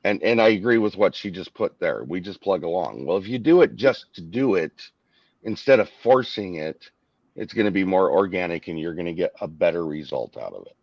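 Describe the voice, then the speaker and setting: A man's voice: low voice, lively intonation, fairly quick, vocal fry, dry recording, dull audio. A man hosting a casual live-stream chat, agreeing with guests and wrapping up with thanks to the chat. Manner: agreeable, wraps up with sign-off. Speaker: host.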